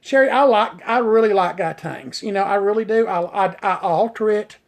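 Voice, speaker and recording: A man's voice: high voice, animated, moderate pace, creaky. Rambling chatty male hairstylist. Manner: rambling, heavy on "you know" fillers, enthusiastic; gets tongue-tied on hard words. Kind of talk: casual live-stream chat answering viewer comments.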